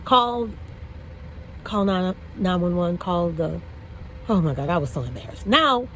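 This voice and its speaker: A woman's voice: fairly low pitch, animated, unhurried, fairly bright tone, slight background noise, poor audio. A woman in her forties, a hairstylist, telling a personal story conversationally with lots of fillers and emotional bursts. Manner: conversational, frequent "you know" fillers, emotional outbursts.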